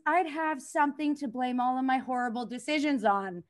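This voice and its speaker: A young woman working a stand-up crowd with a high, bright voice. She is crude and self-deprecating, laughs at her own jokes and banters with the audience between bits. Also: normal speed, hardly any pauses. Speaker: stand-up comedian. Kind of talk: stand-up comedy set.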